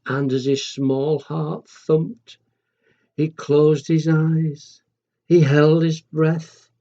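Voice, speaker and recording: A man reading a children's picture book aloud in a gentle, chatty way and asking the listeners questions. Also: a little high, flat delivery, extremely slow. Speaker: storyteller. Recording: dull lo-fi recording.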